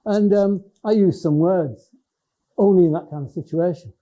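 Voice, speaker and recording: A man's voice: sits high, moderate pace, dark tone. An older man with a Cumbrian northern English accent giving a conversational public lecture, often restarting his sentences. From Lake District, England. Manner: conversational, with frequent restarts and hesitations. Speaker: education professor giving a talk. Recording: dull lo-fi lecture recording.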